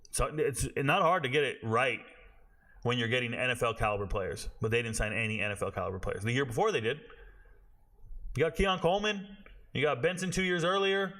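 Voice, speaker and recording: A man's voice: medium pitch, a bit bright. A man in his forties hosting a sports show, ranting bluntly in casual talk and swearing freely. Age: 40s.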